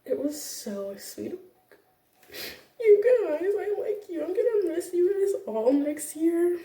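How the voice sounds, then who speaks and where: A woman's voice: very high-pitched, big pitch swings, slow pace, warm tone. A young woman who teaches computer classes, chatting casually and gushing with frequent restarts. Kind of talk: casual vlog chat. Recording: echoey room, voice from a distance.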